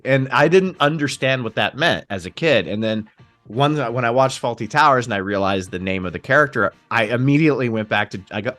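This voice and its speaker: A man's voice: medium pitch, sing-song, a little fast, fairly bright tone, faint music behind. A man co-hosting a podcast, telling film memories enthusiastically and laughing often. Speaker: podcast co-host. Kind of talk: casual film chat.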